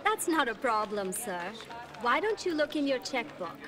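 An actress playing a young call center agent, polite and eager on the line. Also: female voice, fairly high pitch, sing-song, moderate pace, crowd noise.

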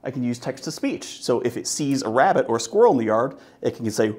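A man's voice: medium pitch, animated, fairly quick, hardly any pauses, a little mellow. A man giving a live talk at a tech meetup, upbeat and joking, with many fillers. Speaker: conference speaker. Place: meetup presentation room.

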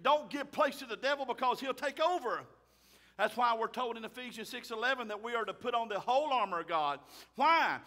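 A man, a pastor preaching a fiery sermon loudly and emphatically. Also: extremely high pitch. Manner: loud, emphatic, raises his voice.

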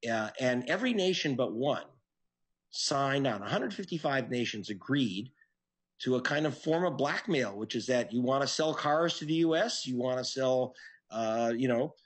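A man answering interview questions as an investigative reporter, telling his story in an earnest, animated way. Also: normal speed, husky. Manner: earnest, animated storytelling with sudden pitch jumps.

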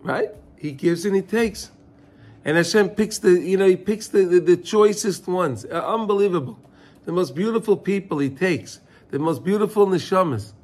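A man's voice: high-pitched, moderate pace, darkish tone. A man teaching a Torah class, often repeating words and asking his listeners questions as he explains a text. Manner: repeats words, asks listeners questions, mixes Hebrew terms.

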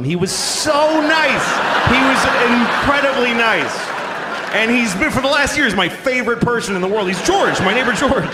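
A man tells a fond story on stage in a high voice that swings widely. The sound is roomy and echoey, with loud noise underneath. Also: expressive, brisk. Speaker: stand-up comedian. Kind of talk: stand-up comedy set.

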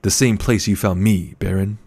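A man's voice: sits low, fairly even intonation, moderate pace, a little mellow. A man voicing a proud, venomous male advisor who talks in a tense, biting, defensive way.

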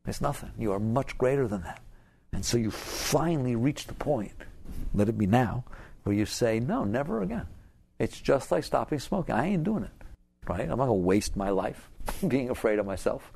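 A man's voice: mid-range voice, lively intonation, moderate pace, vocal fry, a little mellow, husky. An older man giving a spiritual talk to an audience, asking rhetorical questions and laughing as he makes his points. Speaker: spiritual teacher.

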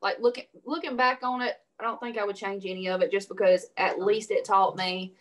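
A young woman with a thick Southern Louisiana accent drawls slowly through a casual radio chat. She pulls her words out with extra syllables, and her voice sits in a middle pitch. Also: fairly even intonation. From Louisiana, USA. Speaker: country singer guest.

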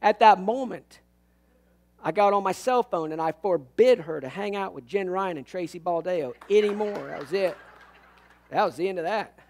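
A high-pitched pastor delivers his sermon at a normal pace. It's folksy and animated, with humorous stories and swings from loud exclamations to near-whispers.

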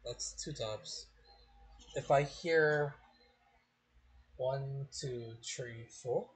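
A man's voice: mid-range voice, drawn-out words, slightly rough. A young man giving sarcastic, swearing commentary while playing a game. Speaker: gaming streamer. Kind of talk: let's play commentary.

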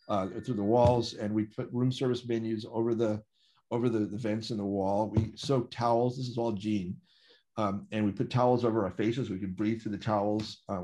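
A man telling a gripping first-person story in an animated, vivid way, acting out quoted dialogue. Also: lowish voice. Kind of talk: conversational storytelling.

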